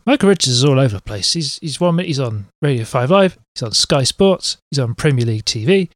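A man's voice: mid-range voice, lively intonation, quick pace, no room sound. A man co-hosting a casual chat podcast about football, joking around and sometimes putting on mock accents. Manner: jokey, puts on mock accents. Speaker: podcast co-host.

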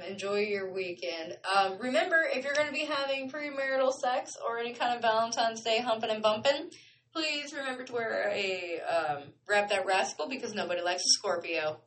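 A woman's voice: fairly high pitch, fairly bright tone, recorded from a distance, a little hiss or hum, rough recording. A woman hosting a podcast, chatting casually in a playful, slangy way. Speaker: podcast host. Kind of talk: casual chat.

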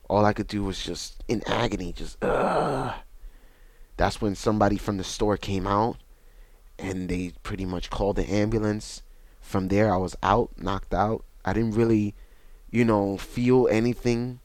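New man, low voice, halting and repetitive, dry close sound. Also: no echo. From Bronx, New York. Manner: halting, repetitive, reflective storytelling. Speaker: interview guest. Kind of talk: personal testimony.

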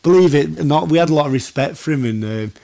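A man from northwest England, a former goalkeeper and podcast guest, telling stories in a casual chat, animated, with many fillers and restarts. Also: fairly high pitch, quick pace, gravelly.

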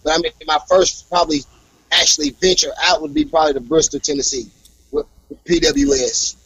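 A young adult man, a professional wrestler, talking casually in an interview and breaking into animated promo-style trash talk. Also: on the high side, fairly quick, slightly rough, poor audio. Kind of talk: casual interview over a call.

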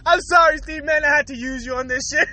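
A man's voice: very high-pitched, steady tone, fairly quick, sharp tone, no echo. A man telling a crude comedic story to his viewers, laughing constantly through his words and acting out noises.

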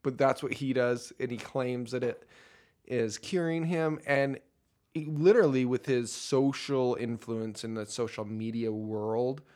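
A man co-hosting a casual movie podcast, rambling and animated as he talks. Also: medium pitch, a little slow. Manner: rambling, animated, laughs often. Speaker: podcast co-host.

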